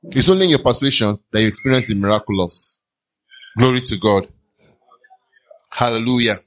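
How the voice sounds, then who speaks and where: A man with a Nigerian accent preaching an animated sermon in a church, at times mimicking sighing listeners. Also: medium pitch, moderate pace. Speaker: pastor.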